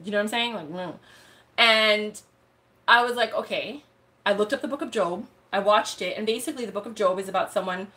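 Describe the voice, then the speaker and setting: A young woman talks casually to her livestream viewers in an animated, slang-filled way. Her voice sits at a middle pitch. She jumps between stories with lively asides. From United States. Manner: chatty, animated storytelling with slang. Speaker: live sale host.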